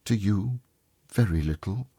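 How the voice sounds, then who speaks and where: A man voicing a gently grieving young woman. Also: fairly low pitch, lively intonation, a little slow, slightly rough, dry recording, studio quality. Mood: gentle sorrow. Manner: soft, gentle reproach. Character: sorrowful young woman releasing her fiancé.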